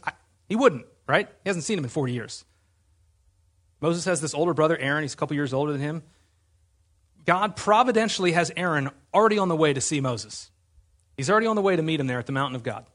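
A man's voice: on the high side, a bit bright, slightly rough. A man preaching a sermon as pastor, earnest and emphatic, asking his listeners rhetorical questions.

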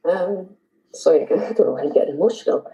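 A woman's voice: low-pitched, a little fast, mellow, rough recording. A middle-aged woman telling a personal story to a host in candid, heartfelt speech that halts and restarts now and then. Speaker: guest.

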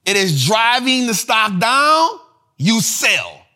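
Man, investing host, high-pitched, very bright forceful tone, slangy, repeats himself. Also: slow. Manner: slangy, repetitive, animated explaining. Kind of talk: casual finance teaching.

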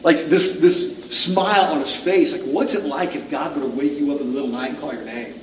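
A man's voice: mid-range voice, rapid-fire, slight background noise. A middle-aged male pastor preaching a sermon in a conversational, self-deprecating way, asking the audience questions. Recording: echoey room, distant mic.

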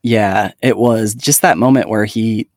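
A man's voice: on the low side, fairly even intonation, unhurried, dry recording, studio quality. A man in his thirties co-hosting a podcast, chatting casually and gushing about a show with many fillers. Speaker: podcast co-host. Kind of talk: casual chat.

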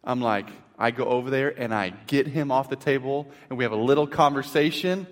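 A man in his thirties preaching a sermon in church, telling family stories with big swings between loud and hushed. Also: medium pitch, a little fast. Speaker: pastor. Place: church sanctuary. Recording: long hall reverb.

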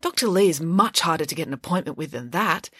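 A woman voicing a spoiled, whiny teenage schoolgirl in a petulant, drawn-out way. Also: sits low, animated, bright, forceful tone, slightly rough, dry recording, clean studio sound, full character voice.

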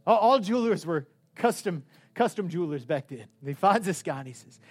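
High-voiced impassioned male preacher. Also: expressive, brisk, breathy edge. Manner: impassioned, swinging from shouts to hushed tones. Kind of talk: sermon.

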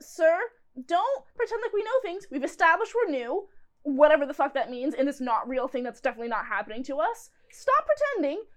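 A woman's voice: sits high, sing-song, a little fast. A woman playing a tabletop role-playing game, emphatic and incredulous in character. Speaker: player.

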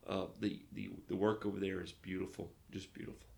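A man from Arkansas, a pastor, telling lively stories in a casual interview and acting out the dialogue. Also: low voice, brisk, vocal fry. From Arkansas, United States. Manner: lively storyteller who acts out dialogue.

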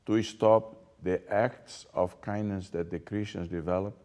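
A man, a guest speaking earnestly and haltingly. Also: low-pitched, fairly even intonation, darkish tone. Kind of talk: interview.

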